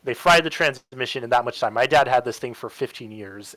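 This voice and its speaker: A young man hosting a streamed chat, ranting bluntly and swearing freely. His voice is bright and tense, recorded dry and close. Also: medium pitch, brisk, dry recording, low-quality recording. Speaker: stream host. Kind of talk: casual chat.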